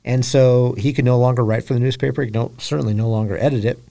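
Man, gravelly voice, mid pitch, casual podcast storytelling, halting, dry humor. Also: steady tone, mellow. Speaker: podcast co-host. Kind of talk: casual chat over drinks.

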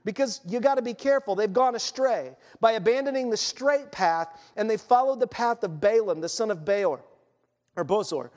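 A male pastor preaching a sermon in an animated, conversational way, firing off rhetorical questions and acting out the story. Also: sits high. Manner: acts out story voices. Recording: long reverb in a church hall.

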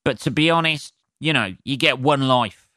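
A man's voice: medium pitch, moderate pace, bright, forceful tone, dry recording, clean studio sound. A man hosting a solo podcast, ranting with heavy swearing and self-mocking asides. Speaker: podcast host.

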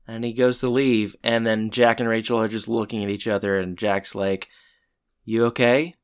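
A man's voice: fairly low pitch, level tone, moderate pace, clean tone. Laid-back man recapping an episode. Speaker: podcast co-host. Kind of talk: casual recap chat.

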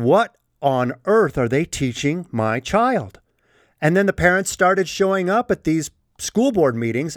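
A man's voice: on the high side, dry recording. A man hosting his own podcast, delivering an emphatic, opinionated monologue into a close microphone. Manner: emphatic, animated, laughs at his own jokes. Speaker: podcast host.

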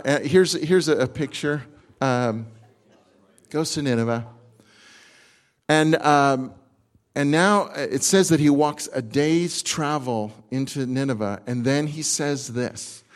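A pastor delivers a sermon as lively storytelling, slipping into acted asides and often restarting phrases. His medium-pitched voice sits in the middle range for a man, and he speaks at normal speed.

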